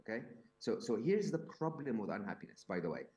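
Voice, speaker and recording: A man's voice: lowish voice, sing-song, brisk, darkish tone. Man giving a conversational talk. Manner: conversational, frequent fillers and rhetorical questions. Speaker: summit speaker. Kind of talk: live talk to an audience. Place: event hall.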